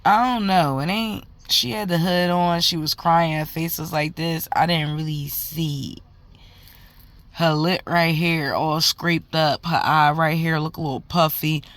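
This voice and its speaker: A woman's voice: low voice, steady tone, measured pace, a bit bright, no room sound. Heated, profane woman telling a story. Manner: emphatic, heated, profane, talks in run-on bursts. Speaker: mother. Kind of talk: casual storytelling to camera.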